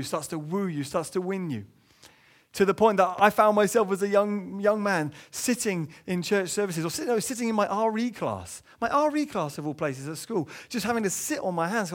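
An earnest man preaching a sermon in church, his voice sitting a little high for a man. He rises sharply when voicing quoted thoughts and sinks low and quiet to press home a point. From England.

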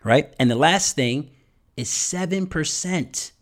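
A man's voice: a little high, slow pace, slight background noise. Emphatic man coaching on public speaking. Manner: emphatic, repeats points, asks "right?" often; drops to a whisper for effect. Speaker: podcast host giving speaking tips. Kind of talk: motivational talk to camera.

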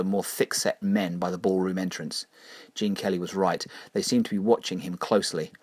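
Male storyteller, deep and deadpan, dry studio sound. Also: no echo. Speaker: narrator. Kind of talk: storytelling reading.

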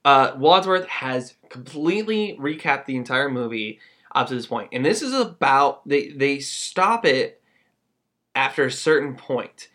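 A man co-hosting a casual film review podcast, rambling with restarts and fillers, then animated when he acts out lines. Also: medium pitch, unhurried. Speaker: podcast co-host. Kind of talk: casual movie review chat.

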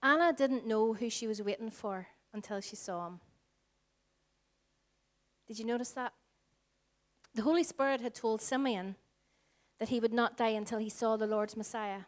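A Northern Irish woman in her forties preaches a sermon, her voice sitting a touch high. She speaks earnestly, slowing down on key lines and dropping into soft, near-whispered phrases. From Northern Ireland. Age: 40s. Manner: earnest, varies pace, drops to soft whispers for emphasis. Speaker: pastor.

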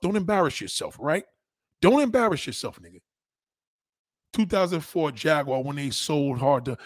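A man's voice: normal speed, husky, dry recording. Guy ranting on his live stream, mocking and cussing, voice swings way up and down, dry sound. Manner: mocking, profane, repeats himself for emphasis; animated, pitch jumps up when indignant. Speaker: livestreamer reading viewer comments. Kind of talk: heated live-stream rant.

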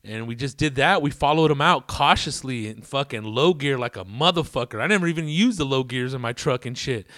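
A man's voice: mid-range voice, lively intonation, fairly quick, hardly any pauses, a bit bright, dry recording, studio quality. Foul-mouthed man telling a rambling story. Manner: profane, rambling, slangy. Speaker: vlogger. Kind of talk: casual storytelling.

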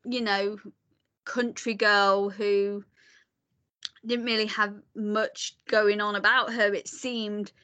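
An animated woman talks in a casual chat, opinionated and quick to swear. Her voice is bright and forceful, with a sharp edge. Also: medium pitch.

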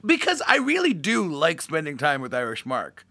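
A man in casual podcast chat, animated and joking. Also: on the high side, normal speed, creaky, no echo.

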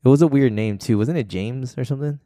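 A man's voice: mid-range voice, fast talker, warm tone, dry recording, studio quality. A man co-hosting a podcast in laid-back, casual chat, swearing and saying bro. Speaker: podcast co-host.

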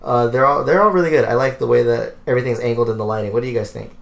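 A man's voice: medium pitch, fairly even intonation, rapid-fire, gravelly. A young man co-hosting a casual podcast, talking loosely and rambling with lots of fillers. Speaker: podcast co-host.

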